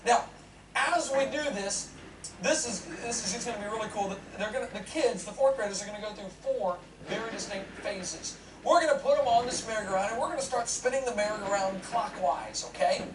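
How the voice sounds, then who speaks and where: A man's voice: high-pitched, fairly quick. Guy doing a jokey lecture to a crowd, lots of questions, big roomy hall, sounds far off. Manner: joking, animated, asks the audience questions. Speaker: seminar speaker. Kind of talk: humorous lecture to an audience. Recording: echoey hall, distant mic, noisy.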